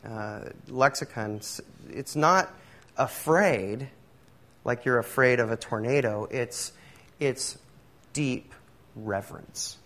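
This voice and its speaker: A man's voice: mid-range voice, takes it slowly, pauses often, fairly bright tone. A man preaching a casual, conversational sermon, rambling with many fillers and self-deprecating humor. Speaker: pastor.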